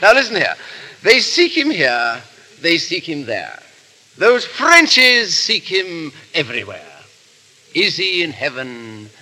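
A prattling foppish English dandy. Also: male voice, a little high, wildly swooping pitch, slow pace, pushed and bright, slight background noise, heavily acted, poor audio. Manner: affected, fussy, prattling with exclamations. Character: foppish English baronet, affected dandy hiding cleverness.

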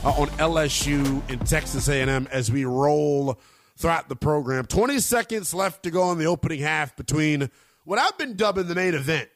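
A man hosting a college sports radio show, talking with big swoops in pitch and slangy emphasis. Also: no room sound, clean studio sound. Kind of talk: energetic sports talk radio.

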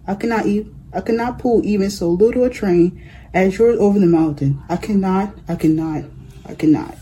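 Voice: mid-range voice, fairly quick, mellow, breathy edge, close to an everyday voice. A reader doing a sighing, weary old engine. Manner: sighing, tired.

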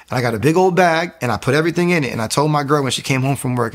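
A man telling his conversion story with earnest fervor, his voice full of gravelly fry. He speaks at a middling pitch and keeps circling back with fillers and restarts. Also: lively intonation, fast, a bit bright. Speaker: guest sharing a testimony. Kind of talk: casual spoken testimony.

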